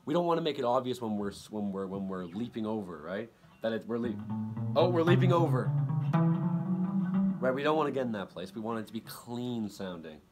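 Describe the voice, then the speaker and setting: A man giving a casual guitar lesson, relaxed and repetitive, counting beats aloud. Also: on the low side, fast talker. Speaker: guitar teacher. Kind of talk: casual instructional talk. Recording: loud guitar playing behind.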